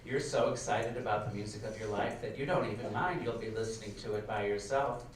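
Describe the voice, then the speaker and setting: A man reading his nostalgic story aloud on stage in a large hall, with wry, expressive comic timing. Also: fairly low pitch, fairly quick. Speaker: reader, storyteller. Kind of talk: live stage reading of a memoir. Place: large performing arts hall. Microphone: far camera. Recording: echoey hall from far off, faint noise.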